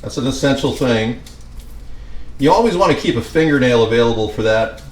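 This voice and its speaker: Cooking at home for his vlog, a man with a mid-range voice talks a little fast, with lively intonation, joking and wandering off topic for his viewers. The sound is roomy and off-mic, with faint background ambience.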